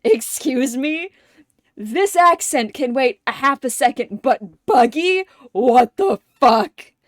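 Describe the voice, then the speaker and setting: A woman's voice: high voice, lively intonation, slow pace, no echo, clean studio sound, voice pushed up, full character voice. A woman doing a furious swearing man. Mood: outraged. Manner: shouting indignant questions. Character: outraged, profane man ranting.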